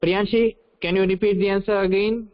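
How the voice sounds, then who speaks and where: A man with an Indian English accent teaches a class over a video call, with a fairly high voice. He repeats his questions, dictates slowly and coaxes the students to answer. The audio sounds muffled and lo-fi. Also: level tone.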